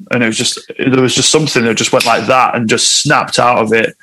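A man's voice: medium pitch, fairly even intonation, a little fast, few pauses, pushed and bright, a little hiss or hum, low-quality recording. A man, a guest telling a personal story in conversation, candid and reflective.

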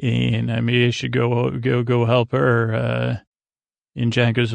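A man's voice: medium pitch, flat delivery, unhurried, vocal fry, dry recording. A man casually recapping a TV episode on a podcast, rambling with lots of fillers and restarts. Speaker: podcast host.

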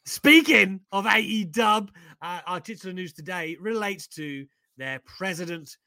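Guy hosting, bright lively voice, jokey and loud, dry close mic. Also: high voice, measured pace, no room sound. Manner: loud, jokey, laughing, swings between shouting and muttering. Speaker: co-host of a wrestling news show. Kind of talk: energetic casual banter.

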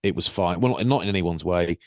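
Low-voiced and brisk, this podcast co-host spins stories on a laid-back chat show, performing the quotes of each character with lively energy. He's on a video-call microphone, yet the audio is clean, studio-like, and echo-free.

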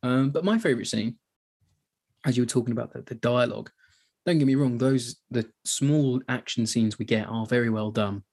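Man, podcast co-host, husky voice, mid pitch, casual and rambling. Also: moderate pace, a little mellow. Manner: chatty, rambling, many fillers and restarts. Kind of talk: casual film discussion.

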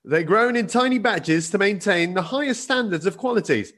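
High-voiced guy hosting a comedy podcast, reads listener answers, laughs a lot. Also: expressive, moderate pace, fairly bright tone. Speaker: podcast host.

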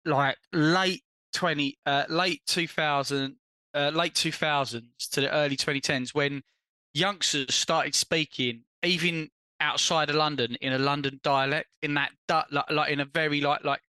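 Man, bright forceful voice, slightly high, casual podcast banter, teasing, laughs a lot, swears. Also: fairly even intonation, a little slow, clear, resonant tone, no echo. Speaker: podcast co-host.

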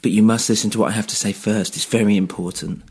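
A man's voice: on the low side, steady tone, a little mellow, slightly rough. A man putting on a desperate German man. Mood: pleading, fearful. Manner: pleading, halting, urgent. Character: frightened, beaten German man, a confessed criminal.

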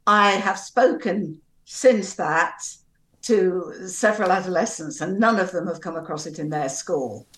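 A woman, an educational psychologist, speaking as a guest in a radio debate in a measured, calm, reasoning way. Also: on the low side, reverberant.

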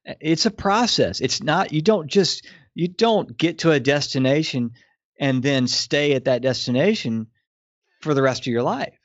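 A man's voice: a little high, lively intonation, unhurried, dry recording. Guy from louisiana rambling thru his story in an interview, lots of restarts, dry dull sound. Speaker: guest, business consultant. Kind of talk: conversational interview.

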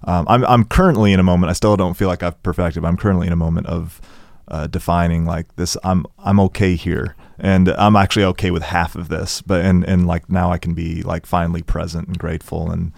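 A musician guest talking in a reflective, hesitant way on a casual podcast. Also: male voice, sits low, steady tone, brisk, creaky, a little mellow, dry recording, studio quality. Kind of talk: casual interview chat.

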